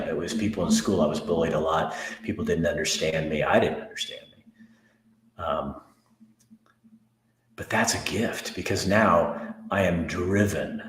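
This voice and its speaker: Deep-voiced man in an echoey room. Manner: earnest, swinging from angry to soft and hushed. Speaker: host. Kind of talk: emotional personal monologue.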